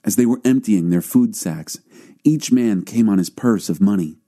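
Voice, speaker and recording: Deep-toned, mellow male scripture reader. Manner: calm, measured reading. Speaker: audio Bible reader.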